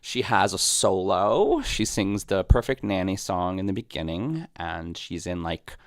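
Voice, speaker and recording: A man's voice: deep voice, lively intonation, measured pace, dry recording, studio quality. A middle-aged man co-hosting a casual podcast chat, joking and rambling with plenty of fillers. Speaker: co-host.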